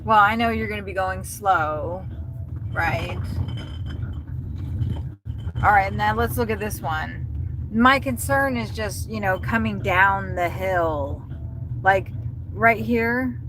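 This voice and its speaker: Woman livestreamer, unhurried rambling chat, swears casually, recorded in a noisy car. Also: medium pitch. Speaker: livestreaming delivery driver. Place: inside a car.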